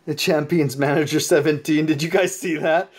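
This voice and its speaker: High-voiced, tired man commentating a game. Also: a little slow, breathy edge. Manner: chatty, excitable, laughs often. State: tired and sleepy. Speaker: mobile game player and YouTube host. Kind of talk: casual gameplay commentary.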